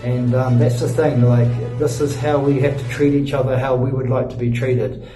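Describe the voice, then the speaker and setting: Speaking to camera in a hotel room, this tired young man from New Zealand, a travel vlogger, rambles through a casual travel tale full of fillers and sighs after a long ride. His mid-range voice has a dark tone and flat delivery at normal speed. The sound is roomy, picked up by a far-off mic over faint music.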